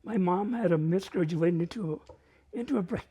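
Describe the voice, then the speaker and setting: Speaking fast, an older man tells self-deprecating childhood stories at a library open mic and laughs along the way. His voice is high, dark in tone and slightly rough.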